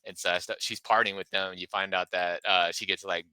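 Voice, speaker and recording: A man's voice: low voice, fairly even intonation, a little fast, bright, forceful tone, clean tone, no room sound, rough recording. A man co-hosting a casual podcast review, retelling an episode's plot in a rambling way with many fillers and restarts. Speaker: podcast co-host.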